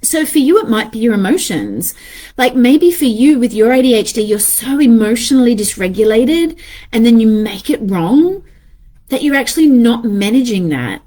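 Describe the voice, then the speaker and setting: A woman's voice: fairly high pitch, animated, normal speed, dark tone. A woman in her thirties talking casually and animatedly to viewers about ADHD, swearing freely and acting out her inner voices.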